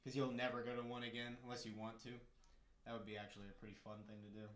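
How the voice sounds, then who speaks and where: A man's voice: medium pitch, monotone, quick pace, echoey room. A man hosting a casual live stream, chatting and joking as he talks through the fights and answers his chat from a room at home. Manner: chatty, jokey, reads chat aloud.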